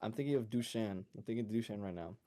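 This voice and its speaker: A man's voice: lowish voice, fast talker, warm tone. A young man co-hosting a podcast, teasing and joking in casual banter. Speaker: co-host.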